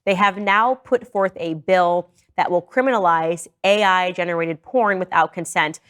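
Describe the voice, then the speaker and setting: A woman's voice: lowish voice, normal speed, a bit bright, smooth. A woman hosting a podcast, giving earnest and urgent commentary that warns her listeners. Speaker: podcast host. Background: played in a reaction video.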